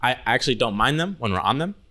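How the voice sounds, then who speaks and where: A man co-hosts a laid-back podcast and rambles through his stories in a casual chat. He leans on "like" and drops swear words freely. His voice sits at an ordinary middle pitch. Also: sing-song, quick pace, pushed and bright. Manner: loose, swearing storyteller, heavy use of "like". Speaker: podcast co-host.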